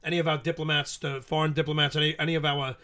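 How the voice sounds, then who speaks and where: Fast, bright-voiced man telling rowdy stories. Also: on the high side, flat delivery. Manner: profane, rambling, laughing storyteller. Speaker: podcast guest. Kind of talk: casual storytelling.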